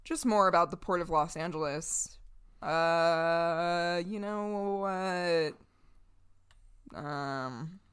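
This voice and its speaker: A woman's voice: lowish voice, very slow, clear, resonant tone. A young woman co-hosting a podcast, chatting casually and jokingly, rambling and swearing as she goes. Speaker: podcast co-host. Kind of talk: casual political chat.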